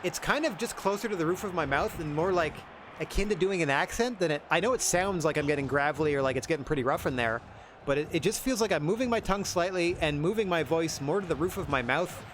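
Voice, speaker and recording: A male game streamer with a fairly high voice, chatting casually between plays. He talks softly and rambles, often hedging and downplaying himself. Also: animated, fast, background noise. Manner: rambling, self-effacing, soft-spoken. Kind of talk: casual chat while playing.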